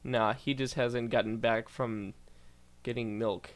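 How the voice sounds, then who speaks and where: A man's voice: medium pitch, steady tone, unhurried. A man doing casual reaction commentary as a YouTuber, reading posts aloud, stumbling over words and bursting out in disbelief.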